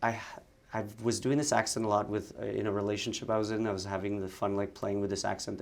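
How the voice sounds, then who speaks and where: A man guest telling stories in a casual interview, lively, with quick bursts and frequent restarts. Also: fairly low pitch. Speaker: actor and content creator, guest.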